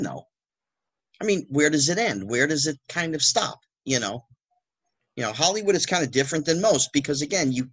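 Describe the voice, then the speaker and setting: A man speaks as a podcast guest in a lively, rhetorical way, with exasperated asides. His voice is husky and sits fairly high, and it swings widely in pitch. The sound is close and dry. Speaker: guest, former child actor. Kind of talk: casual podcast conversation.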